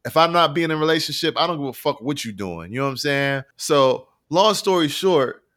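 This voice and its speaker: A man's voice: fairly high pitch, lively intonation, fairly quick, a bit bright. A man co-hosting a podcast, telling long stories in a rambling, slangy, profane way. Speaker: podcast co-host. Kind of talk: casual podcast chat.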